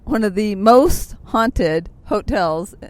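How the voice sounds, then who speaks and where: A woman's voice: mid-range voice, lively intonation, slow pace, no room sound. A woman co-hosting a podcast with dry, wry remarks while driving, sharing one mic. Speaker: podcast co-host. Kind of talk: casual chat. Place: in a car on a road trip. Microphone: sharing one mic with co-host.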